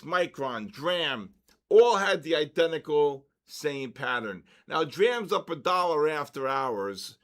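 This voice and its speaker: An older host of a live trading session keeps up a casual live-stream chat, welcoming viewers by name in lively bursts. His voice sits on the high side and sounds a bit bright.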